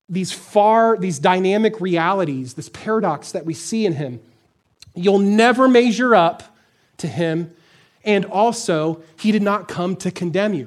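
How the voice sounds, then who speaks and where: A pastor preaching a conversational, emphatic sermon in a church, putting questions to the congregation. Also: male voice, high voice.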